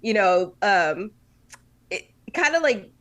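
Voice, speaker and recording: In this low-quality recording, a woman with a mid-range voice speaks slowly, her pitch swinging widely and her tone a bit bright. She's a podcast co-host in a loose, chatty conversation, laughing often and using plenty of fillers.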